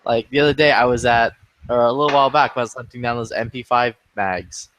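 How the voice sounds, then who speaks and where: A man's voice: mid-range voice, steady tone, fast, a bit bright, a little hiss or hum. A man in a casual online voice chat, telling rambling, profane stories. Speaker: gamer in voice chat.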